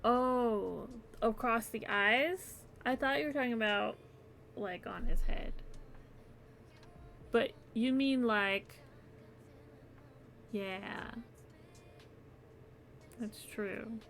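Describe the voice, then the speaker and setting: A woman's voice: a little high, creaky, a bit bright. A woman streamer chatting casually with her viewers while crocheting, giggling often and yawning near the end of her stream.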